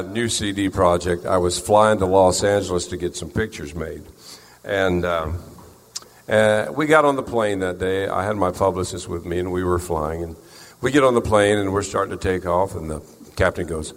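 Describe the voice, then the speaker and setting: A man's voice: low voice, moderate pace. A man, a singer telling folksy, joking stories to a crowd between songs. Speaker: country-style singer performing on stage. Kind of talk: stage storytelling between songs. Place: concert venue with house lights. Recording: long reverb of a concert hall.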